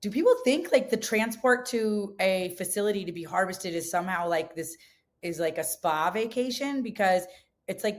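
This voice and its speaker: A middle-aged woman from upstate New York, a farmer and chef, telling her story in a casual interview, animated and full of fillers and restarts. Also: on the low side. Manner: animated, many fillers and restarts, quotes others in voices.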